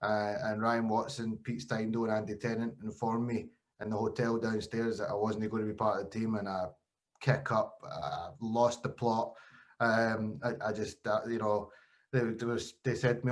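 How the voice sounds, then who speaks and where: A Scottish man who hosts a podcast and used to play cricket tells stories in a casual interview, animatedly acting out quoted voices. His voice is fairly low, and he speaks at a moderate pace.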